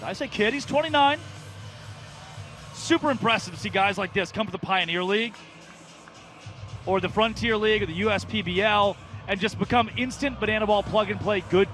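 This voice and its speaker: A man calling a live baseball game from the broadcast booth, excitable and jokey, often shouting the big plays. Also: sits high. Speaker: play-by-play announcer.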